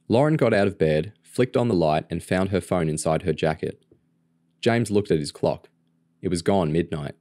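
A man reading a novel aloud in a steady, plain storytelling manner. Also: sits low, moderate pace, no room sound, studio quality. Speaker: audiobook reader. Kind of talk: reading a novel aloud, doing character voices.

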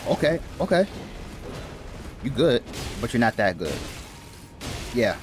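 A man playing a video game and commenting casually, talking to the characters and laughing to himself. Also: medium pitch. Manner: animated, talks to the game, mutters and laughs. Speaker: gaming YouTuber. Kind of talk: casual let's-play commentary.

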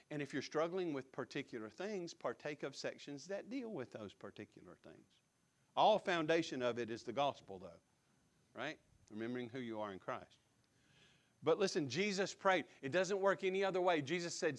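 A man preaching from the pulpit in a slightly high voice. He leans hard on repeated words and keeps asking his listeners direct questions. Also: animated, normal speed. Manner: emphatic, repeats key words, asks the congregation direct questions. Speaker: pastor. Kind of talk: sermon. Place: church sanctuary.

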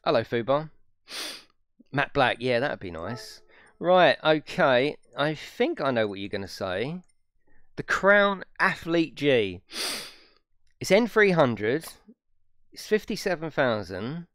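A man's voice: mid-range voice, sing-song, slow pace, pauses often, fairly bright tone, dry recording, clean studio sound. A young man casually chatting on a live stream, swearing freely and laughing often. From United Kingdom. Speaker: gaming streamer.

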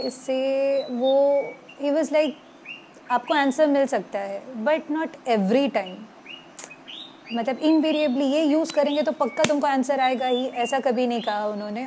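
A woman with an Indian accent giving a casual online lecture, pausing often with fillers and mixing English with Hindi. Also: sits high, dark tone, a little hiss or hum. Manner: hesitant, many fillers, switches between English and Hindi. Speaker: homeopathy lecturer.

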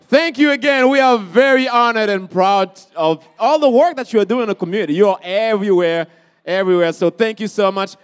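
Guy emceeing a college event, high clear voice, pumps up the crowd. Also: a little fast. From Haiti. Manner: energetic, hypes up the crowd, calls out questions. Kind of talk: lively event hosting.

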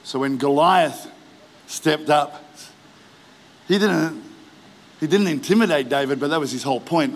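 A male pastor preaching a sermon in a large church, acting out the story's characters and rising to shouted exhortation. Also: on the high side, a little slow, pauses often. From Australia.

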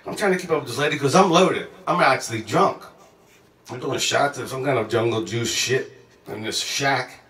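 An excitable, cursing man tells a casual, rambling anecdote at normal speed in a medium-pitched voice, jumping around mid-sentence. He's recorded in an echoey room with the mic at a distance.

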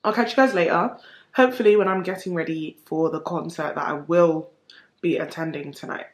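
A woman's voice: deep voice, fairly quick. A woman, chatting candidly to camera in a casual home vlog. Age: 20s. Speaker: vlogger. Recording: roomy echo, faint noise.

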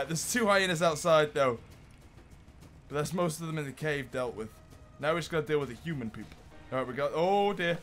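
A young man giving excitable gameplay commentary, yelling at enemies and laughing as he plays. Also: a little high. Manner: excitable, swears mildly, often laughs and yells at enemies. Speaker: gaming YouTuber.

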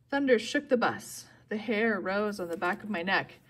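A woman reads a novel aloud for an audiobook at normal speed, with hardly any pauses. Her reading is steady, though character lines come out in louder, higher bursts.

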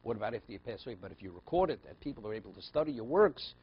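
A man's voice: fairly low pitch, very animated, very fast, breathy edge. A man, a rabbi, teaching a text study class, explaining passages phrase by phrase and telling stories in a conversational way with frequent restarts. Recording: dull lo-fi class recording.

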